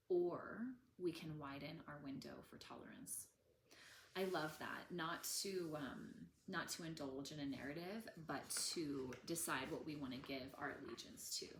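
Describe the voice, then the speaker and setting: A woman in her thirties teaching about healing trauma in a gentle, conversational way, with many fillers. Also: deep voice, reverberant, slight background noise. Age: 30s. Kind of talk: casual teaching talk.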